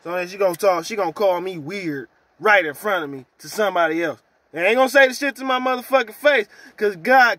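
Man in a vlog, ranting and cursing, higher bright edgy voice, dry sound. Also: fast, dry recording. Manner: profane, heated ranting, swings between loud outbursts and low mutters. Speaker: vlogger.

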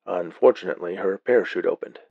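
Calm cop guy all matter of fact, gravelly low voice, man doing it. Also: quick pace, no echo, highs cut off, exaggerated voice. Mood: deadpan. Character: calm deadpan male police officer.

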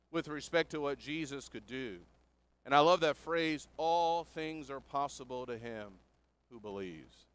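A man's voice: mid-range voice, a bit bright. A man preaching a sermon, working through a passage verse by verse in an earnest, explanatory way and putting questions to his listeners.

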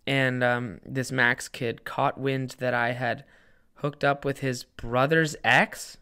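A man's voice: mid-range voice, steady tone, slow, sharp tone, clean tone. A young man hosts his own podcast from home, spinning a rambling party story in a loose, profane way. He swears often, laughs at himself, and wanders off into asides before getting back on track. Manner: rambling, profane, self-mocking. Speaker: podcast host. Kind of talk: casual solo storytelling.

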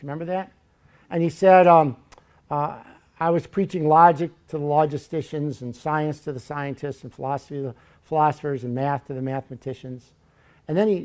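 A man delivers a sermon in a church, his voice sitting a little higher than most men's. He tells Bible stories in a lively, joking way and acts out the characters as he goes. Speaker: preacher.

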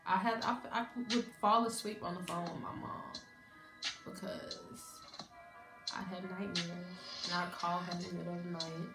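A young woman tells a college story in a relaxed, candid way, slipping into her family's voices now and then. Her voice sits a little low. The room is echoey, and music plays behind her. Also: moderate pace. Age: young adult. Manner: candid, conversational, acts out family dialogue. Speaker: college student vlogger. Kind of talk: casual storytime.

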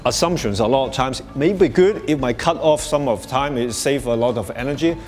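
Guy giving a workshop talk to a room, lots of you know and restarts, laughs a bunch, middle pitch. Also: a little fast, a little mellow, faint music behind. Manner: chuckles often while explaining. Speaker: workshop speaker. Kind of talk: live workshop presentation. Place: workshop space before an audience.

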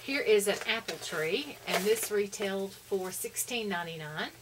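A chatty middle-aged woman talks through her shopping finds at home, rambling easily with plenty of fillers. Her voice sits at an ordinary middle pitch. A clear, steady hiss runs under the home video recording. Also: moderate pace. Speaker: vlogger. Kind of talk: casual shopping haul chat.

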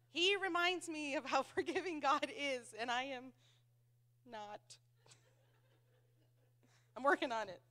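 High-voiced woman teaching the Bible. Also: sharp tone. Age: adult, married. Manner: conversational, laughs at herself, acts out quoted voices.

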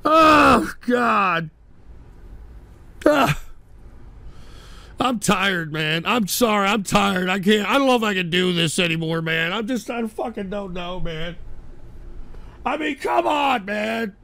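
High, gravelly man ranting on air. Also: lively intonation, slow pace, long pauses. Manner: exasperated, profane, swings between yelling and weary muttering. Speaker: streamer hosting a comedy radio show. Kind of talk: comedic on-air meltdown rant.

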